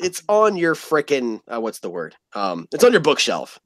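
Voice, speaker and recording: A man's voice: mid-range voice, wildly swooping pitch, normal speed, a bit bright, no echo. A man hosting a casual streamed podcast, teasing his co-hosts with crude jokes in a playful manner.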